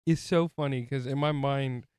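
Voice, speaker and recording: A man's voice: mid-range voice, fairly even intonation, moderate pace, darkish tone, smooth, no room sound, studio quality. A man co-hosting a podcast who chats playfully about a film, asking questions and cracking jokes. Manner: chatty, playful jokes, often asks questions. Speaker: podcast co-host. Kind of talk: casual film discussion.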